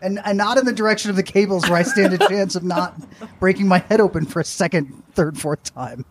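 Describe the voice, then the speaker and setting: A man's voice: sits high, fairly quick, background noise. A man co-hosting a podcast in casual chat, wry and long-winded, joking at his own expense on a home balcony. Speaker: podcast co-host.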